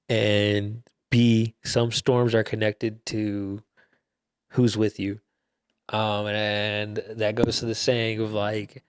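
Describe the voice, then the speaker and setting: A man's voice: on the low side, clear, resonant tone, no echo, clean studio sound. A young man hosting a podcast, casually retelling a Bible story in loose slang with laughs and fillers. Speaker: podcast host.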